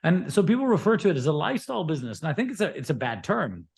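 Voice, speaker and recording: A man's voice: on the high side, big pitch swings, very fast, vocal fry, a little mellow. A man talking through his views in a casual podcast discussion, musing and correcting himself as he goes. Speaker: regular guest.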